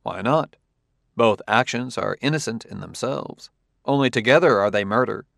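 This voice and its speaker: A man's voice: mid-range voice, moderate pace, creaky, a bit bright, dry recording, studio quality. A man reading a pressing, methodical Earthman detective. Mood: insistent. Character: sharp, insistent Earthman detective, male adult. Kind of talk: audiobook character reading.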